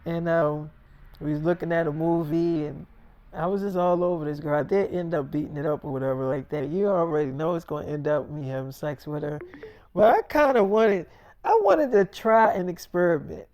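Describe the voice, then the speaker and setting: A man's voice: on the high side, moderate pace, a little mellow. A man telling a long casual story to the camera, rambling and repeating himself with lots of "you know". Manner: loose, repetitive, full of "you know". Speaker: vlogger.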